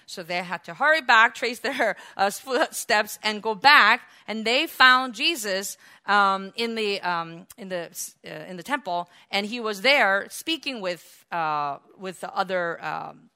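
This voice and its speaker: A woman preaching a sermon, emphatic, with loud repeated phrases and frequent fillers. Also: medium pitch, animated, measured pace, few pauses, clear, resonant tone. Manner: emphatic, rising to loud repetitions with many fillers.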